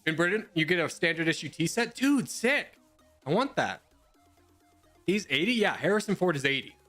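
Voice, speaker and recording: Young male streamer rambling and joking with chat, slightly high voice, soft music underneath. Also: animated, brisk. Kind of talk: casual live-stream chat with viewers. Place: home.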